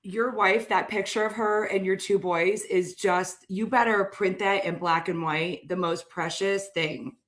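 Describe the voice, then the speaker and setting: A woman's voice: medium pitch, steady tone, a little slow, hardly any pauses, fairly bright tone. A woman co-hosting a live morning stream, trading teasing comebacks. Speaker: co-host of a live morning show. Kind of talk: joking live-stream banter.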